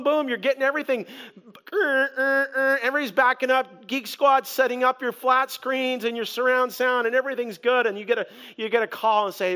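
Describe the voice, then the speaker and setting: A man preaching a sermon as pastor, animated and conversational, with humor. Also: very high voice, smooth.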